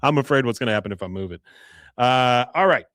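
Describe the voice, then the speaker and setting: A man's voice: medium pitch, expressive, fast talker, fairly bright tone, dry recording. A man hosting a podcast in a studio, recapping an episode in casual chat and chuckling as he reads lines from the show. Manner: chuckles often, reads show quotes aloud. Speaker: podcast host.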